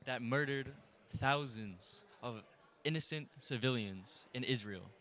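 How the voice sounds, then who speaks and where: A man's voice: mid-range voice, unhurried, fairly bright tone. Earnest young man sharing his view. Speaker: guest. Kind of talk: casual opinion discussion. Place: outdoors on a college campus.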